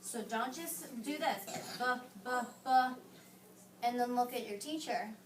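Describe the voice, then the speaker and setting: A woman teacher reading a picture book aloud to young children and patiently coaching them, hushing them when they call out. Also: fairly high pitch, unhurried, slight background noise. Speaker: elementary school teacher. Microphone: camera some distance away. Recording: roomy classroom sound, distant mic.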